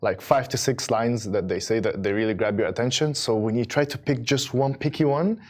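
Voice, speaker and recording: A man's voice: medium pitch, fairly quick. A man co-hosting a casual studio chat, a bit nervous, with hesitant speech and frequent stammers and restarts. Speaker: co-host.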